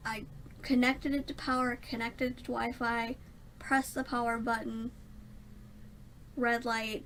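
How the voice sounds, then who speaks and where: Young woman vlogging, slow rambly storytime, kinda high voice, faint hiss behind. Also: little pitch movement, fairly bright tone. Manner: rambling, self-mocking, laughs often. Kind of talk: casual storytime vlog.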